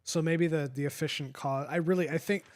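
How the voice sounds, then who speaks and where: A man co-hosting a podcast in casual chat, halting and correcting himself, laughing often. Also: on the high side, fairly even intonation. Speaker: podcast co-host.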